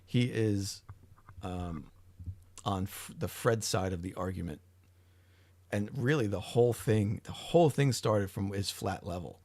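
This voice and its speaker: A middle-aged livestream host with a fairly low, slightly mellow voice talks at a measured pace. His casual chat is rambling and profane, full of restarts, with no room sound.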